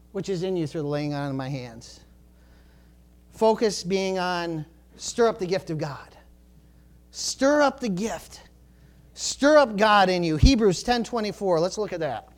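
Pastor guy, pretty high voice, preaching hard, gets loud then drops way low, praise the lord every few lines. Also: expressive, normal speed. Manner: rising to fervent shouting when stirred, dropping low for emphasis; peppers talk with praise the Lord and glory to God. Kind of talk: sermon.

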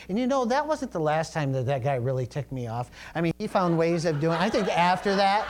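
A man's voice: a little high, big pitch swings, fairly quick, few pauses, a little hiss or hum. A middle-aged male pastor preaching a sermon in a conversational, storytelling way, with asides to the congregation.

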